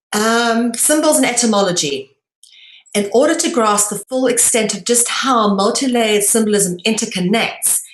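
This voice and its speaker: Woman, mid pitch, measured explanatory talk, frequent ums, reverberant room. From South Africa. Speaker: presenter. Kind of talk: lecture-style presentation.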